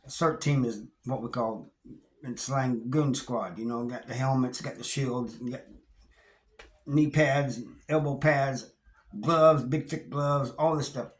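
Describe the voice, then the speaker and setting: A man's voice: medium pitch, steady tone, takes it slowly. A man casually telling a story about his time in prison, plainspoken and loose, with slang, wry chuckles and lots of "you know.". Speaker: vlogger recounting prison experiences. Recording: roomy echo.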